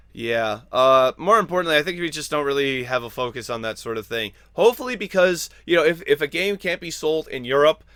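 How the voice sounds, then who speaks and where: A man's voice: on the high side, pushed and bright, dry recording. A man from the United States hosting a gaming news show, moving from a scripted read into rambling, self-deprecating casual chat.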